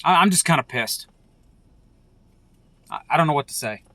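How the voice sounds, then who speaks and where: A man vlogs an angry political rant, cursing freely and circling back over the same points. His voice sits high for a man. The sound is close and dry, with no room behind it. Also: lively intonation, moderate pace, bright, forceful tone, no room sound. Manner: profane, heated, repetitive. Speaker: vlogger.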